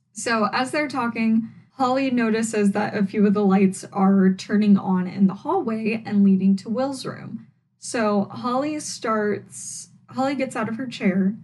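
A young woman hosting a casual solo podcast at home, recapping a TV episode in a chatty, animated way with wry asides. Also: a little high, husky, low-quality recording. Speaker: podcast host reviewing a TV episode. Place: at home, indoors.

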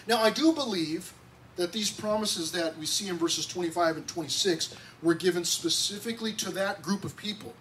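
A high-pitched man preaches in a church with excitable, conversational energy, often restarting his sentences mid-thought. He is picked up from a distance, with faint noise underneath. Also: normal speed. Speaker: pastor. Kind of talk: sermon. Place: church sanctuary.

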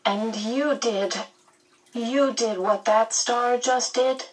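A woman's voice: fairly high pitch, fairly even intonation, slow, pitched above the performer's own voice, poor audio. A woman voicing a small, earnest young boy who speaks solemnly in a small voice.

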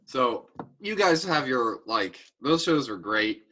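A man's voice: medium pitch, big pitch swings, takes it slowly, fairly bright tone, slight background noise. A young man in casual group chat, chatty and opinionated.

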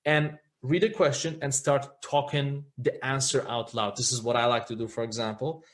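A man with a mid-range voice talks earnestly and reflectively as a podcast guest. He often checks in with a quick "right?" as he speaks. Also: medium pitch, fairly even intonation. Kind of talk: candid podcast conversation.

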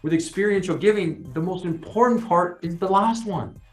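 Animated man in a roomy space. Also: high voice, normal speed. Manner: animated, persuasive, often adds "right?". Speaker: podcast co-host. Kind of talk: casual conversational explaining. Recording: roomy sound with faint music.

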